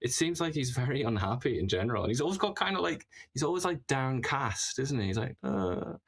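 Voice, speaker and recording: A man's voice: medium pitch, expressive, fast talker, creaky, slightly rough. A man hosting casual political commentary, talking in a sarcastic, mocking way.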